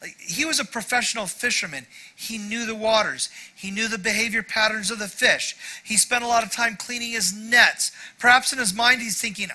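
A man's voice: sits high, moderate pace, hardly any pauses, pushed and bright, low-quality recording. A middle-aged male pastor giving a sermon in a conversational, self-deprecating way, with frequent asides to the congregation.

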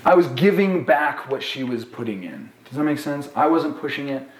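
A young man speaks in a casual live podcast chat and tells a personal story with animated energy. He keeps checking in with his listeners as he goes, and his voice rings in a roomy, echoing space. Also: medium pitch, moderate pace, a little hiss or hum. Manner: animated storytelling, many "right?" tags. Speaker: therapist and podcast co-host. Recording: roomy echo.

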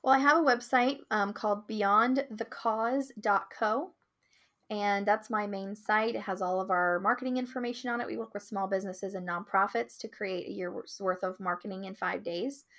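A woman's voice: mid-range voice, moderate pace. A woman guest who owns a marketing business, telling a client story in a casual interview and acting out the quoted lines. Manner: animated storyteller, acts out quotes.

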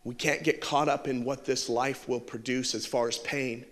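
A man preaching a sermon full of humor, animated and jokey, acting out bits of dialogue. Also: mid-range voice, normal speed, in a large hall. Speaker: pastor. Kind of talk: sermon with comic stories.

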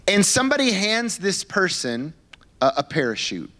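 In a church, a male pastor preaches in an animated, conversational way, telling stories full of fillers and repeated words. His voice sits high, and he talks at normal speed.

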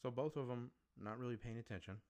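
A man's voice: medium pitch, fast, a little mellow. A man hosting a solo podcast, ranting bluntly with heavy swearing as he gives his opinions. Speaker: podcast host.

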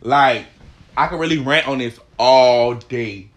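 A man's voice: medium pitch, slow pace, a little hiss or hum. A man hosting a podcast who delivers a heated, emphatic opinion monologue full of swearing. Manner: emphatic, profane, ranting. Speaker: podcast host.

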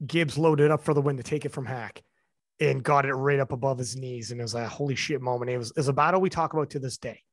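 Talking fast in a mid-range voice, a young man hosts a laid-back podcast conversation, telling lively stories full of free swearing and quotes from others.

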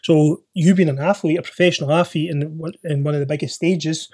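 A man's voice: a little high, steady tone, fairly quick, a little mellow, breathy edge. A man hosting a casual interview, asking questions in a chatty way with hesitant fillers and laughing along. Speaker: interviewer, host.

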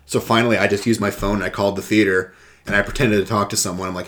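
A man with a fairly low voice, reminiscing about his time working at a movie theater. He talks in a loose, chatty way, full of fillers. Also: flat delivery, fast, a bit bright. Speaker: former movie theater employee. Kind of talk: casual chat.

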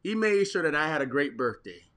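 A man's voice: fairly high pitch, sing-song, fairly quick, a bit bright. A young man in his twenties, co-hosting a podcast, telling a story among friends with laughs and quoted voices. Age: 20s. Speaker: podcast co-host.

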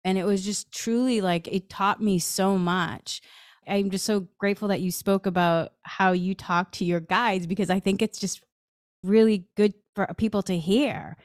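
A woman podcast host telling a personal story in an animated way, acting out her own lines of dialogue. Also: mid-range voice, normal speed, dry recording, studio quality.

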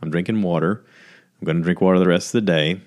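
A man's voice: low voice, fast, darkish tone. A man hosting his own podcast, talking candidly and a little rambling in a self-deprecating, casual way. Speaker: podcast host. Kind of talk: casual solo podcast monologue.

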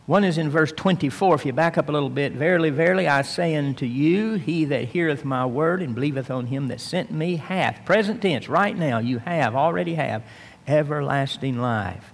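A man preaching an expository sermon, slow and deliberate, building to emphatic repetition. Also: on the high side, long reverb tail. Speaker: pastor.

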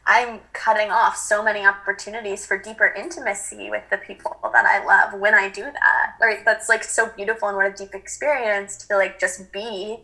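A woman's voice: mid-range voice, little pitch movement, normal speed, hardly any pauses, sharp tone, poor audio. A woman speaking earnestly and reflectively in a casual spiritual chat, with frequent fillers.

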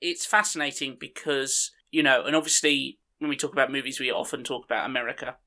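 A man's voice: medium pitch, steady tone, fast, bright, forceful tone. An English man co-hosting a casual film chat, explaining things in a wry way. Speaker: podcast co-host.

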